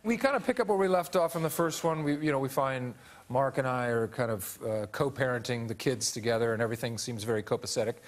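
A man's voice: mid-range voice, quick pace. A man appears as an actor guest on a chat show, talking with eager enthusiasm. He jokes about his co-stars. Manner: enthusiastic, joking.

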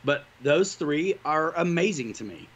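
With a voice on the high side and a breathy edge, this male co-host sounds animated yet unhurried. He's having a casual, upbeat chat with livestream viewers, rambling about his hobbies.

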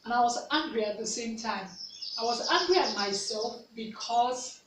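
A Nigerian woman vlogger with a voice on the high side and a normal pace earnestly tells a personal story, repeating herself for emphasis. She's recorded in an echoey room with the mic at a distance and faint noise.

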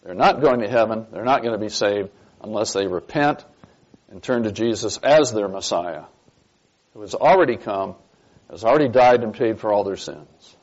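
A man's voice: lowish voice, moderate pace, darkish tone. A man teaching a church Bible class, stressing key points and quizzing his listeners with questions. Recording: dull lo-fi recording.

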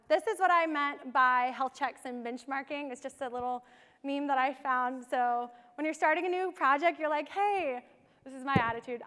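A young woman gives a casual talk in a large conference hall, her high-pitched voice smooth and a bit bright. She leans heavily on fillers like "um" and "you know," and the recording carries a long hall reverb.

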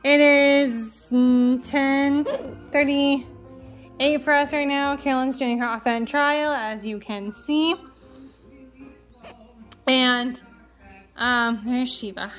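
Rambling young woman with a high voice. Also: fairly even intonation, takes it slowly, pauses often, faint music behind. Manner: rambling, filler-heavy, self-correcting. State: hiccups. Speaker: parent vlogger. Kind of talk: casual home vlog update.

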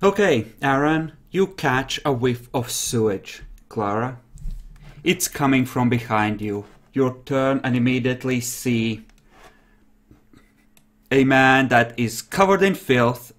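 A young man narrating a tabletop role-playing game as game master, lively and quick to laugh. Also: mid-range voice.

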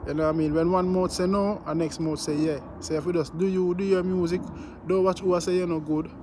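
Jamaican man vlogging, slightly high voice. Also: fairly even intonation, fast talker, background noise. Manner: repetitive, peppered with "you know what I mean". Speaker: news vlogger. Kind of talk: casual commentary vlog.

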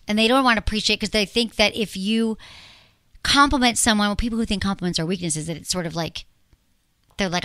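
A woman's voice: mid-range voice, a little fast, no echo. A woman hosting a relationship advice show, chatting casually and acting out quoted lines. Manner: animated, acts out quoted lines.

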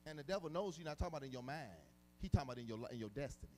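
A male pastor delivering a sermon in a fairly high voice. He preaches emphatically, hammering on repeated words and moving between hushed asides and loud shouts. His speech is casual and colloquial. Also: animated, racing, a little hiss or hum.

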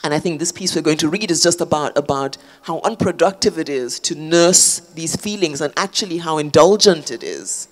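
A woman talks through an idea in front of an audience. She works her way toward each point with ums and restarted phrases, in a measured, reflective way. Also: deep voice, expressive. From South Africa. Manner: thoughtful, frequent fillers and restarts. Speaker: author guest. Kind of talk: public conversation on stage.

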